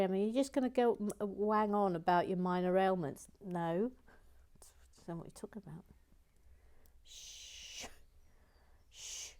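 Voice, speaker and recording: A woman's voice: on the low side, a little mellow. A woman hosting a building channel, chatting in a rambling, self-mocking way and often dropping to a whisper. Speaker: host. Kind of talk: casual chat while building a model kit.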